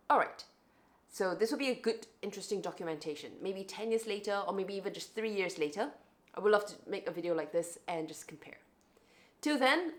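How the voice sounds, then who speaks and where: Chatty woman vlogger with an international accent. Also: medium pitch. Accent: international English, shaped by years in Hong Kong. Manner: chatty and reflective, with frequent restarts and rising emphasis. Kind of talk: casual talking-to-camera vlog.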